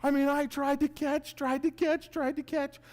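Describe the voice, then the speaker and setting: A man's voice: extremely high pitch, level tone, normal speed, darkish tone, long reverb tail. A man giving a keynote speech, telling a self-mocking story and acting out his own reactions, in a large room before an audience. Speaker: keynote speaker.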